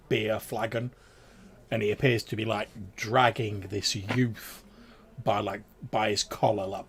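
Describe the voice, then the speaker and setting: A man's voice: lowish voice, gravelly. A man narrating as game master of a tabletop game, in loose, filler-heavy speech.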